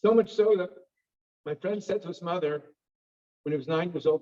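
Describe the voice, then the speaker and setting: A man's voice: high-pitched, moderate pace. Theatrical male storyteller, lo-fi. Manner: vivid, theatrical, wry asides. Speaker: guest speaker. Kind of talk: dramatic storytelling talk. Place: synagogue hall. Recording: dull lo-fi recording.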